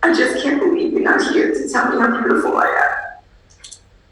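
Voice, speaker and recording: A woman's voice: very high voice, animated, normal speed, pauses often, a bit bright. A woman giving a eulogy for her father, emotional and struggling to get through it, often speaking straight to him. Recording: echoey room, distant mic, faint noise.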